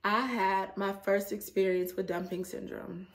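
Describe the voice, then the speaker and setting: A woman, chatting casually in a vlog with a sore throat, animated and laughing often. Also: medium pitch, unhurried. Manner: animated, laughs often, acts out her own reactions. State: sore throat after a cold. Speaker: vlogger.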